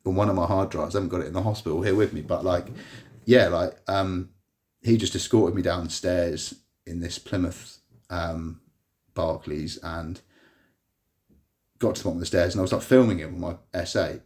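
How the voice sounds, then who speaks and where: A man's voice: low-pitched, fairly even intonation, normal speed, darkish tone. A man in a hospital room, rambling through a personal story to a phone on a tripod, full of fillers and restarts. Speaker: vlogger recounting a personal grievance. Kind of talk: rambling monologue to camera.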